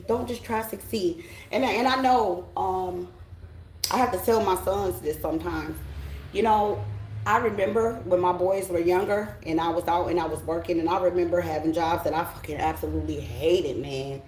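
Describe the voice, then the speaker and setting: A woman's voice: lowish voice, fairly even intonation, normal speed, a little mellow, echoey room, slight background noise, rough recording. A middle-aged American woman giving a blunt, emphatic spiritual pep talk as a tarot reader, often checking in with her listeners.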